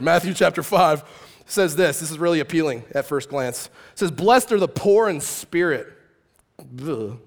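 A middle-aged male pastor preaching a casual, joking sermon that swings from quiet reflection to loud, emphatic bursts. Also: on the high side.

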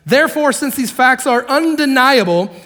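A man preaching a sermon to a congregation, animated and joking, acting out the characters in the story. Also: very high voice, normal speed. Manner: animated, acts out quotes, jokes with the congregation. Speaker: pastor.

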